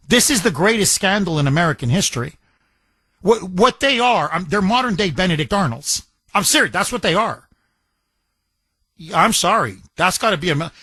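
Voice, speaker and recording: A male talk radio host who hammers his points home with repetition and rising force. His voice sits a bit high. The studio sound is dry and close. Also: a bit bright, no room sound. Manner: emphatic, repetitive, combative.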